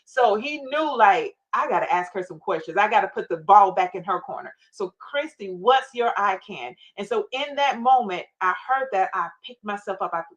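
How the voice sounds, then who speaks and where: A woman's voice: medium pitch, expressive, brisk, few pauses, muffled recording. A woman guest telling her personal faith testimony with feeling, acting out her own prayers and quoting scripture. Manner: emotional, acts out her own prayers and inner voice; faith-based, quotes scripture.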